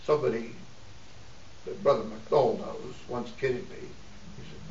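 A man's voice: mid-range voice, unhurried, long pauses, a little mellow, a little hiss or hum. A middle-aged man preaching a sermon in a folksy, joking way, laughing often between points. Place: church. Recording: echoey dull room sound from a distance.

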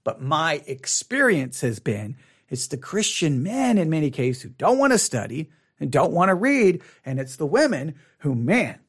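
Man, Bible study teacher, high voice, swooping intonation, casual and playful. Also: normal speed, husky. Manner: animated, repeats phrases for emphasis, playful asides.

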